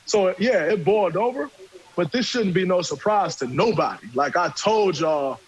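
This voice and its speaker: American dude telling a story, high voice, cussing a lot and acting out the quotes. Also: male voice, normal speed, slightly rough, highs cut off. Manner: animated, profane, acts out quotes. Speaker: podcast guest storyteller. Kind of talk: casual storytelling chat.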